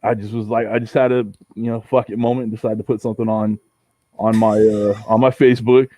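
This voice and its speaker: A man's voice: fairly low pitch, quick pace, dry recording. A man from Southern California, a guest on a casual livestream, telling a story with lots of swearing and acting out the back-and-forth. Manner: profane, animated storytelling, acts out quoted exchanges.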